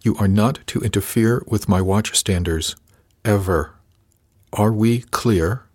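A man's voice: lowish voice, moderate pace, darkish tone, no echo, studio quality, natural voice. A man voicing a stern, bullying male first mate who speaks in clipped, menacing words. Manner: clipped, menacing, bites off each word.

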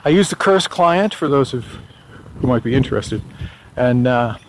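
Here a middle-aged man talks at a moderate pace in a medium-pitched, lively voice, with a little hiss or hum on the recording. It's a casual walking vlog: he chats and rambles on his morning walk, dropping frequent "uh"s and chuckling.

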